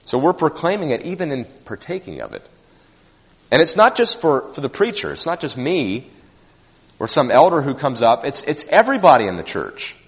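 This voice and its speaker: A man preaches a sermon with earnest emphasis, his pitch rising and falling in lively sweeps as he repeats key phrases. His voice rings out in a church sanctuary, trailing a long reverb. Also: normal speed. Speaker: pastor.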